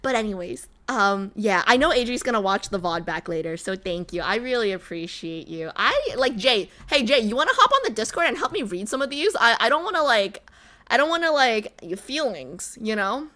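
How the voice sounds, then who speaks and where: A young adult woman streamer chatting casually and reading viewer messages, excitable, often stammering and restarting her sentences. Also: fairly high pitch, normal speed. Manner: excitable, bursts into squeals and laughter, stammers and restarts.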